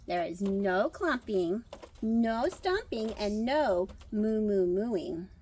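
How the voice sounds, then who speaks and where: A woman's voice: mid-range voice, animated, takes it slowly, a little mellow, slight background noise. A woman voicing a stern male farmer who firmly lays down rules for his animals in a children's storybook reading.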